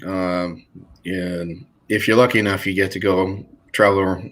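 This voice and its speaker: A man from Boston with a fairly low voice and a clear Boston accent joins a livestream as a guest. He talks in an easygoing way, laughing often and pausing on fillers. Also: level tone, fairly bright tone. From Boston, United States. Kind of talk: casual livestream chat.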